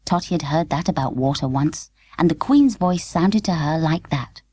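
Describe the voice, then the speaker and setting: Low-voiced woman reading a children's story. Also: normal speed, slightly rough, no echo. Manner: lively, expressive storytelling. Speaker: audiobook narrator. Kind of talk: scripted storybook narration.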